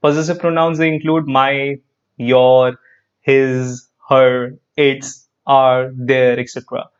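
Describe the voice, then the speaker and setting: A man with an Indian English accent teaching an online grammar class, lively and repetitive, quizzing his students as he goes. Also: mid-range voice, takes it slowly, clear, resonant tone, dull audio. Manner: lively, repeats phrases, quizzes students, frequent "perfect".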